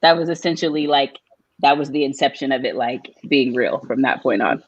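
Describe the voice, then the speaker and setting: Woman guest, low voice, lively storyteller, dull lo-fi call sound. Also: moderate pace. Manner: animated, jumps high in pitch when quoting people. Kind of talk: casual storytelling on a live podcast.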